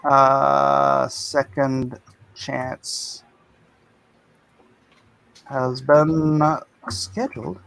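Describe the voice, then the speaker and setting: Slow-talking man hosting a casual stream. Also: mid-range voice, vocal fry, slight background noise. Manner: chatty, reads chat aloud, animated bursts. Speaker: livestream host. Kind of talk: casual livestream chat.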